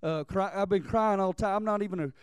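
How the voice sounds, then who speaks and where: A man's voice: high voice, quick pace, clear, resonant tone, dry recording. A man of about forty, preaching a sermon earnestly, often restarting his words and building in intensity. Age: 40s. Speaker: pastor.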